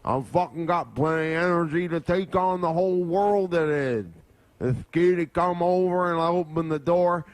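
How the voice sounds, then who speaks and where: A man impersonating a crude, rambling older man, talking slowly with slurred, odd phrasing in a dry, close recording. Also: on the high side, no echo, natural voice.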